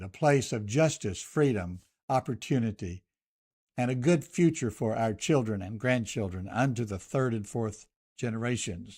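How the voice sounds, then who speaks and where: An older man with a Southern US accent hosting a radio show. He gives a reflective commentary and a prayer in a measured, listing cadence. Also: medium pitch, warm tone. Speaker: radio host.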